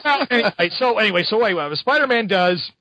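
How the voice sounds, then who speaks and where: A man reviewing a comic on a casual podcast, excitable and ranting with lots of fillers. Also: high-pitched, fast, no room sound, dull audio.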